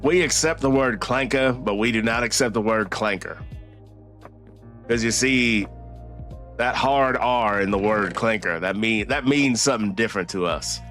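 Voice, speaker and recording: A man's voice: fairly low pitch, normal speed, a bit bright, soft background music. A tired man giving casual, rambling commentary while he streams a game, laughing often and swearing.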